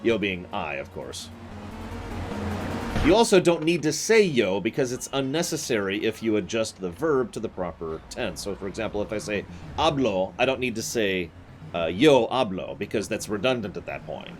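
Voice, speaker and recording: Male streamer, low voice with big swings, self-deprecating, game music underneath. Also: normal speed. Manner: self-deprecating, animated outbursts while playing. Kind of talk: casual live-stream gameplay chat.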